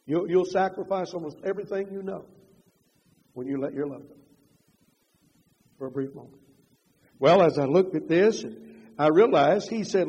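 Older preacher, high husky voice, swings loud to hushed, dull echoing church hall. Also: male voice, normal speed. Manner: swings from loud emphatic preaching to quiet confessional storytelling. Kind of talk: sermon.

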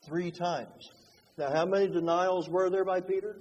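A man preaching a sermon, moving between hushed, slow passages and fervent, rising ones. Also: high voice, steady tone, muffled recording. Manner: dynamic, swings from hushed to fervent. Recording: long hall reverb.

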